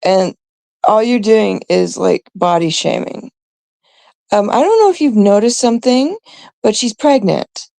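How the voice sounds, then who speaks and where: A woman from Canada hosting a live stream, scolding and ranting bluntly at a troll, her talk full of fillers and pauses. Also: medium pitch, lively intonation, creaky, dark tone, dry recording.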